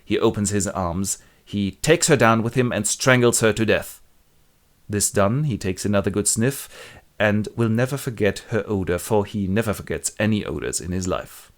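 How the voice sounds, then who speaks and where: A man's voice: lowish voice, moderate pace. A man narrating a comic book summary in a wry, playful, joking way. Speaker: literature video host.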